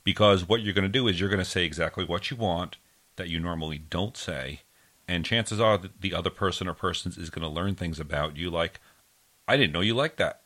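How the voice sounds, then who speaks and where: A man's voice: low-pitched, a little fast, fairly bright tone. A man co-hosting a podcast, talking in a chatty, enthusiastic way. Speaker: podcast co-host. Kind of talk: casual podcast chat.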